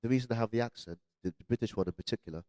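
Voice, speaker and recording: A man's voice: medium pitch, racing, a little mellow, dry recording. A man hosting a podcast in casual chat, who keeps slipping into put-on Jamaican and London slang and laughs often. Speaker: podcast host.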